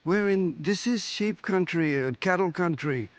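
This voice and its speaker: A man's voice: sits high, measured pace, lo-fi sound. Playful Australian male travel presenter. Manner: playful, joking, animated. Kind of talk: presenter narration and banter.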